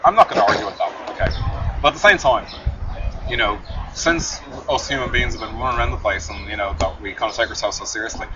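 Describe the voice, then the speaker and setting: A man's voice: fairly low pitch, fast talker. A man co-hosting a podcast, chatting casually over beers and swearing freely. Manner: laid-back, swears casually. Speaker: podcast co-host. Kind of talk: casual beer-drinking chat. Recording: distant lo-fi mic with hiss.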